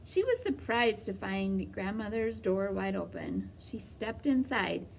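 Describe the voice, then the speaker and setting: A woman reading a children's storybook aloud in a slow, expressive way. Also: mid-range voice, creaky, recorded from a distance, a little hiss or hum.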